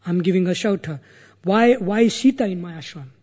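A man's voice: high voice, fairly quick, a little mellow. A man voicing a former hunter turned sage who earnestly questions himself aloud, in a retold sacred story. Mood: wondering.

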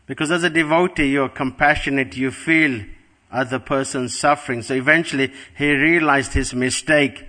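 A man's voice: medium pitch, fairly even intonation, moderate pace, pushed and bright. A middle-aged man giving a devotional class, telling a story in an earnest way and repeating words for emphasis. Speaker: spiritual teacher.

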